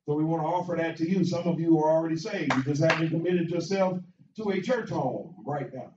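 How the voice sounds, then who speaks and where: A man preaching from the pulpit, his somewhat high voice rising into shouted peaks and repeating phrases. The sound is dull and distant, caught from across an echoey church sanctuary. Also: fairly quick, noisy background. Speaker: pastor. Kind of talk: sermon with invitation to join the church.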